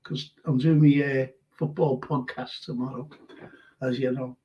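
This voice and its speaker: A man's voice: mid-range voice, flat delivery, a little slow, dark tone. An older man from Liverpool with a Scouse accent, hosting a live show in casual, rambling chat with many fillers and restarts. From Liverpool, England. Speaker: radio show host reading listener comments. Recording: dull lo-fi stream audio.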